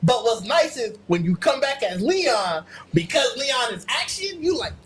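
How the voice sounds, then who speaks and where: A man talks about games in casual podcast chat, his pitch swinging lively up and down. He laughs often and acts out the lines of people in his stories. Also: measured pace, faint music behind. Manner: animated, laughing, acting out quotes. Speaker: podcast co-host.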